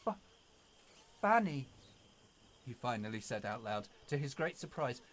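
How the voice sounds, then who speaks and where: A man reading a spooky story aloud in a dramatic, expressive way. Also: medium pitch, brisk, slight background noise.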